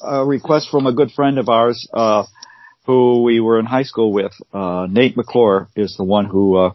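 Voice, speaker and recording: A man's voice: mid-range voice, steady tone, unhurried, faint music behind. A man co-hosting a podcast in casual chat, easygoing and agreeable, with fillers. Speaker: podcast co-host. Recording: dry, dull lo-fi sound.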